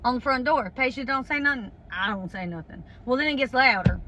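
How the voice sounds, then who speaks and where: A woman's voice: sits high, animated, brisk, very noisy. A woman, a home health worker telling a funny story in a brash, profane, chatty way. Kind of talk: comedic storytime.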